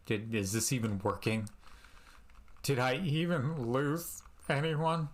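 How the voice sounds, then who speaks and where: A male game streamer who talks at an ordinary middle pitch, rambling and sarcastic as he plays. He pokes fun at himself and now and then jumps up into high, exasperated exclamations. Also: slow pace. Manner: sarcastic, self-mocking, rambling. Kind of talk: live game-stream commentary.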